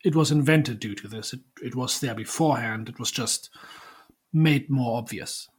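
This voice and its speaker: Husky, halting podcast co-host. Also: male voice, medium pitch. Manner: halting, repeats words. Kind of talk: casual podcast chat.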